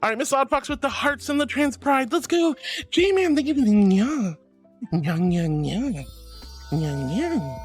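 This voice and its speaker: A woman live-streaming, gushing affectionately and giggling as she thanks her viewers in a soft, sweet way. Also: sits high, animated, normal speed, faint music behind. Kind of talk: casual live-stream chat.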